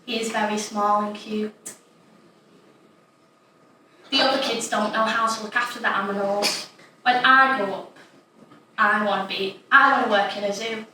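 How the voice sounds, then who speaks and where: A woman's voice: medium pitch, steady tone, unhurried, pauses often, sharp tone. A woman performing a dramatic monologue as an innocent, rambling little schoolgirl. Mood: innocent chatter. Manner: innocent, rambling, matter-of-fact. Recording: echoey room, distant mic, noisy.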